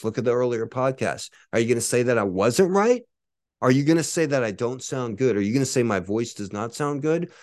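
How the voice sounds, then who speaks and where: A man's voice: mid-range voice, no room sound, studio quality. A man in his forties hosting his own podcast, ranting in a profane, boastful and combative way. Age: 40s. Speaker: podcast host.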